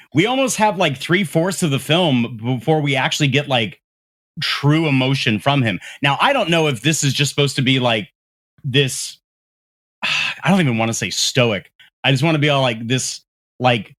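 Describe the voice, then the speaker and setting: A man's voice: medium pitch, a bit bright. A man co-hosting a casual podcast, rambling with many fillers as he searches for words. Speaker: podcast co-host. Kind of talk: casual chat.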